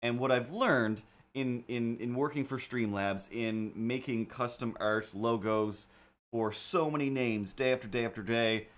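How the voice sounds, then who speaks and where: A man's voice: mid-range voice, steady tone, a little slow. Rambling, jokey male livestream host. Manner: rambling, jokey, full of fillers and asides. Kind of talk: casual livestream chat.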